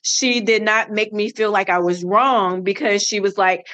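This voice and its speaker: Middle-aged woman on a podcast telling her story, animated, acts out what people said. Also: medium pitch, moderate pace. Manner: animated, acts out quoted dialogue. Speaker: podcast guest. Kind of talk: personal storytelling in an interview.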